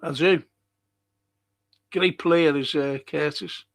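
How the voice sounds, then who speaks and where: A man's voice: a little high, slow pace. An older man hosting a live podcast, reading viewer comments and talking in a rambling, passionate way, swearing freely. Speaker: podcast host.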